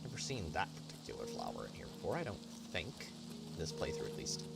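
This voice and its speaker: A man's voice: low voice, huge pitch swings, a little fast, gravelly, over loud music. A man hosting a casual let's-play stream, chatting in a rambling, profane, self-interrupting way. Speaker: gaming channel host.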